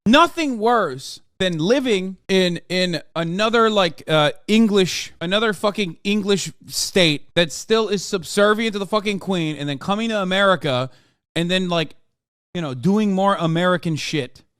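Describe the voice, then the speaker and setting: A man's voice: sits high, clean tone, dry recording, clean studio sound. A man hosting a live stream who reads articles aloud and breaks into profane, sarcastic rants. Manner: fast, flat reading of quoted text. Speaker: streamer host.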